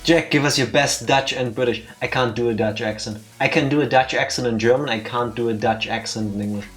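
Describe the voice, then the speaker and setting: A man's voice: medium pitch, steady tone, brisk, fairly bright tone, faint music behind. A man co-hosting a stream, chatting casually in a jokey, self-deprecating way and laughing at himself. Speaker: co-host. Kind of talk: casual chat.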